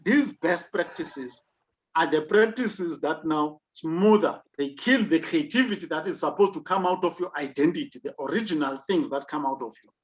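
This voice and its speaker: A South African man delivers a leadership lecture with emphatic, rhetorical questioning. His voice sits a little high for a man. The recording is dull and lo-fi.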